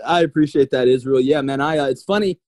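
A man from Alabama with no regional accent, a football coach giving casual, energetic game analysis. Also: mid-range voice, quick pace, dry recording.

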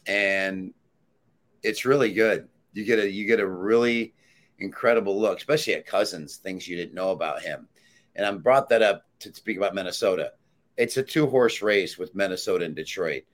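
Deep-voiced man handicapping games. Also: normal speed. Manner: assured, emphatic pick-maker. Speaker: sports handicapper, panelist. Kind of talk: casual sports talk.

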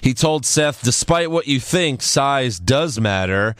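A man's voice: medium pitch, lively intonation, slow pace, fairly bright tone, clean tone, no echo, clean studio sound. A man from New York hosting a casual wrestling recap podcast, laid-back and laughing often. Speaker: podcast host.

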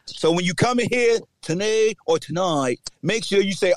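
High-voiced man ranting and taunting. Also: expressive, normal speed, no echo. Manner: loud, taunting trash talk with shouting bursts. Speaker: podcast host. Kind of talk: sports podcast rant.

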